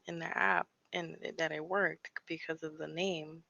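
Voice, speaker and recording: A woman's voice: on the low side, flat delivery, moderate pace, creaky, pushed and bright. A young woman from Pennsylvania telling a ghost story in a casual, nervous way, laughing often and dropping into whispers. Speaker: paranormal vlogger. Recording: slightly dull lo-fi sound.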